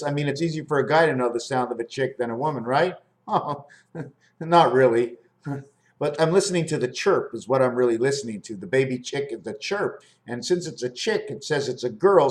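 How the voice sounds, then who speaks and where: A man musing in a rambling, free-associating monologue at home, asking his viewers questions as he explains his designs. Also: medium pitch. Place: at home near his fridge, indoors.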